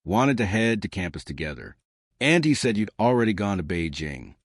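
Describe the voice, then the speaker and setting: A man's voice: lowish voice, big pitch swings, normal speed, no room sound, studio quality. A man voicing a flustered, clingy young woman who rambles and pleads defensively. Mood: anxious.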